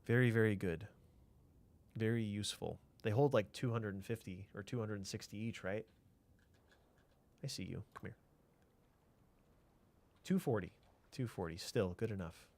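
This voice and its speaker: A man's voice: on the low side, steady tone, normal speed, long pauses, darkish tone. A man streaming a city-building game, thinking aloud in a casual way, answering chat and trailing off into mutters.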